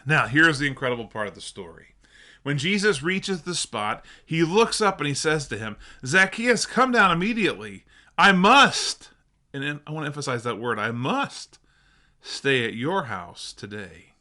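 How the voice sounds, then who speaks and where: Male pastor, bright forceful voice, earnest sermon delivery with slow emphatic stresses. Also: mid-range voice, animated.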